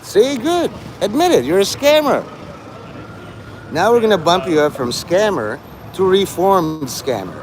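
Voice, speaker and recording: A man's voice: high voice, sing-song, unhurried, slight background noise. Mocking, sing-song male streamer. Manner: mocking, sarcastic, profane. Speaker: live streamer. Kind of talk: rambling livestream banter.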